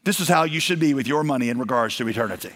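A man's voice: mid-range voice, animated, rapid-fire, fairly bright tone. A man preaching a sermon in a conversational way, acting out the quoted voices of his stories. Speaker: pastor. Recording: long hall reverb.

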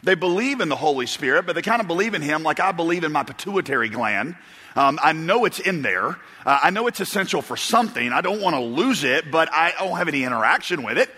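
Very animated and fast-talking, this pastor speaks in a high-leaning voice that's bright, pushed, and breathy at the edges. His sermon wanders through comic stories with chuckles and restarts, echoing through a large church auditorium.

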